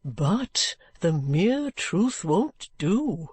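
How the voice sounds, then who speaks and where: A reader voicing a kindly, excitable older gentleman who speaks slowly and earnestly. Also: medium pitch, breathy edge, dry recording, full character voice. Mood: urging.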